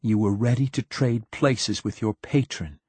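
A man voicing the cold, menacing words of a bladed monster in an audiobook, low and quiet. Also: measured pace, breathy edge, no room sound.

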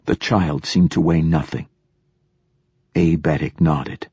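Deep husky male audiobook narrator. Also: steady tone, takes it slowly, dark tone, no echo, clean studio sound. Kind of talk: scripted narration.

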